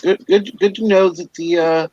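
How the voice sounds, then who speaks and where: A man hosting a live stream, talking casually and haltingly with many pauses and fillers. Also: sits high, steady tone, a little mellow, no room sound. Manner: hesitant, lots of fillers. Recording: dull, muffled stream audio.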